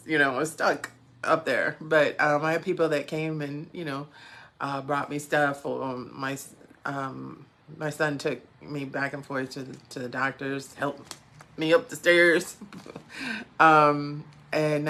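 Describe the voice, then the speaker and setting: Chatty woman telling a faith story. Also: low voice. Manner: animated, acts out the dialogue, laughs between lines, many fillers. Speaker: speaker sharing a personal testimony. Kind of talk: casual storytelling. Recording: faint background noise.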